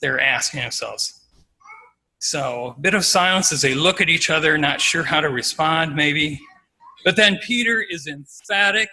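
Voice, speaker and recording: A man's voice: a little high, unhurried, bright, forceful tone, breathy edge, low-quality recording. A man giving an informal, conversational sermon as a lay preacher, acting out scenes as he goes.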